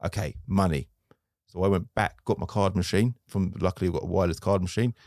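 A man with a fairly low voice tells stories from the car trade at a quick clip. He chats casually, slipping into quoted lines of his own. The sound is dry and close. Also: fairly even intonation, a little mellow, no echo. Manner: chatty storytelling, acts out his own quotes. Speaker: car dealer, podcast guest. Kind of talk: casual interview chat.

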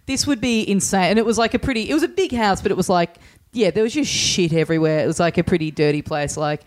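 A man's voice: high-pitched, fast talker. An Australian man from Melbourne, hosting a podcast and telling rambling stories in casual chat, full of fillers. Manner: rambling storytelling, many fillers.

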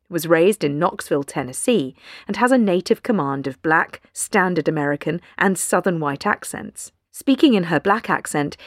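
A woman narrating a news feature in a measured, deliberate way. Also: low voice, dry recording, clean studio sound. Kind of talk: scripted narration.

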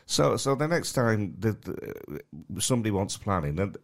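A man's voice: lowish voice, very animated, a little slow, creaky. A man co-hosting a comedy podcast, speaking in casual banter with a dry, lecturing, teasing manner. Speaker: podcast co-host.

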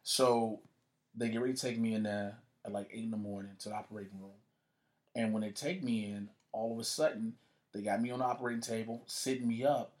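Profane, animated male storyteller. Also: lowish voice, brisk. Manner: profane, animated, acts out quoted voices. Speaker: guest telling a story. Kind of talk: casual storytelling in conversation.

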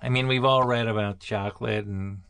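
A man's voice: on the low side, fairly even intonation, a little fast, vocal fry, fairly bright tone, clear, resonant tone, dry recording. A man chatting casually as a podcast co-host, teasing his partner and peppering her with playful questions. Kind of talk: casual chat.

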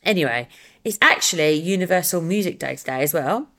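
A woman's voice: deep voice, expressive, brisk, a bit bright. A young adult woman hosting a casual solo podcast, chatty and upbeat with rambling asides. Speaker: podcast host.

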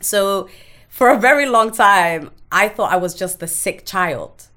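A woman's voice: medium pitch, expressive, measured pace, sharp tone. A woman, a podcast guest recounting her own life frankly and bluntly, swearing freely. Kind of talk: candid personal testimony in conversation.

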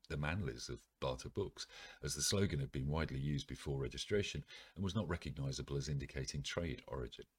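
Very deep husky man. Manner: reads an article, adds wry asides with frequent ums. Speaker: video presenter. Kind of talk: reading aloud with asides.

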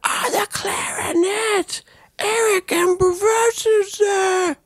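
A man putting on a concert conductor's voice, shouting band introductions into a mic. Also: very high voice, steady tone, very slow, dry recording, clean studio sound, pitched above the performer's own voice, exaggerated voice. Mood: hyped. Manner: shouted stage announcing. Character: loud male concert conductor announcing the band.

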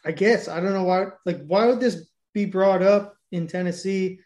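A man's voice: high voice, normal speed. Profane rambling podcast guy. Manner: profane, rambling, animated storytelling. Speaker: podcast co-host. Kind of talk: casual crude chat.

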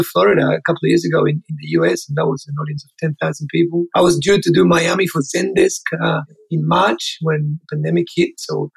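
Fast, gravelly man telling stories. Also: high voice, poor audio. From Australia. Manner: enthusiastic, fast, acts out dialogue. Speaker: interview guest, keynote speaker. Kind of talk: animated storytelling.

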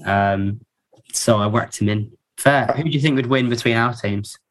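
A man co-hosts a casual football podcast. He rambles through team line-ups with plenty of fillers and restarts, his voice at an ordinary middle pitch. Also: normal speed. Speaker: podcast co-host.

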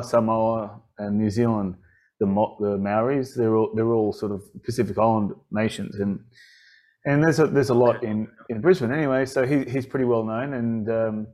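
A man's voice: fairly low pitch, a little mellow. A man with an Australian accent hosting a podcast, telling stories in a rambling way with many restarts and fillers. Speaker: podcast host. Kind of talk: casual chat.

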